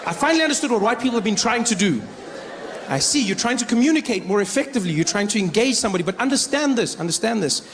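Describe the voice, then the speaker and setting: A South African man doing stand-up comedy, telling animated stories and playing with accents. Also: high-pitched, quick pace, some chatter behind. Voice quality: animated storyteller, plays with accents. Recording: live club set with audience noise.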